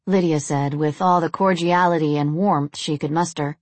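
A woman narrates a fantasy story in a measured, expressive read. Her voice is low, and the recording is dry and close, with no room sound. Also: dry recording.

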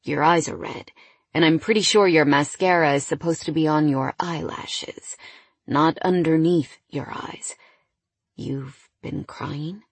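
A woman doing a hushed, possessive rich man. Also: measured pace, breathy edge, no echo, heavily acted. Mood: concerned. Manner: low, hushed and intimate, sometimes whispered. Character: possessive, commanding wealthy man, adult.

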